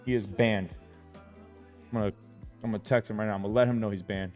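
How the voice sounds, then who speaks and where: A man's voice: on the low side, fairly even intonation, quick pace, a little mellow, soft background music. A young man hosting a trading livestream, talking brashly to his chat, swearing often and hyping himself up.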